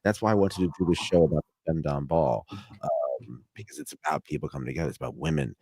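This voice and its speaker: A male podcast host with a very deep voice, chatting casually with his guests. He gushes with effusive thanks and enthusiasm. The sound is dry, like a video call. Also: fast, gravelly, warm tone, breathy edge, no echo. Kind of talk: casual interview chat.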